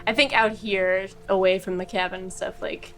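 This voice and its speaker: Relaxed woman playing a tabletop game. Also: medium pitch, moderate pace, soft background music. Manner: relaxed, conversational, mixes in-character lines with narration. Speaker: player. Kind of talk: tabletop role-play.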